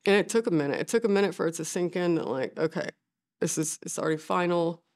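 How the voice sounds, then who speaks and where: A middle-aged woman, a bereaved mother, speaking haltingly with many fillers in a documentary interview. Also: fairly low pitch, darkish tone.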